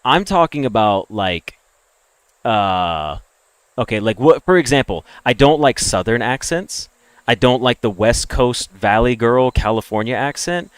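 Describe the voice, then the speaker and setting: Streamer, man, General American accent, mid-pitched, opinionated and blunt, dry, close mic. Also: expressive, unhurried, smooth, no echo. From American Deep South. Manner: blunt, opinionated, swears freely. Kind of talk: casual livestream rant.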